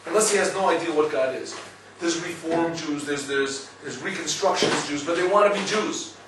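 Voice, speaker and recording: A man giving a lively Torah class, telling stories and checking with listeners as he goes. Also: on the high side, moderate pace, heavy reverb, far from the mic, noisy background. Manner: storytelling, lively, asks listeners "right?". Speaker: rabbi teaching a class.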